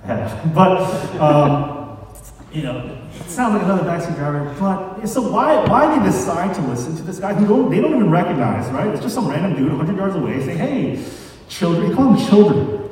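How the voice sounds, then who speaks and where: A man's voice: high voice, animated, moderate pace, a little mellow, slight background noise. A man preaching a sermon in a conversational way, mixing scripture reading with casual asides. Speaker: pastor. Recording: echoey hall, distant mic.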